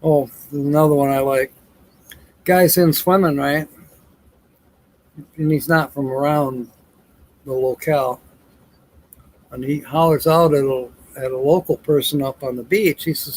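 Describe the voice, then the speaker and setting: A man's voice: a little high, fairly even intonation, a little slow, long pauses, a little mellow, rough recording. A tired man hosting a casual livestream, telling jokes and reading viewer comments aloud with frequent chuckles. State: tired, yawning. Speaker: livestream host.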